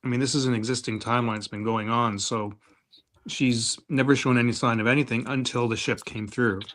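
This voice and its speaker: A man's voice: mid-range voice, steady tone, brisk, fairly bright tone. Hesitant Canadian man on a call. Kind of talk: casual podcast chat. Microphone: video call on a tablet.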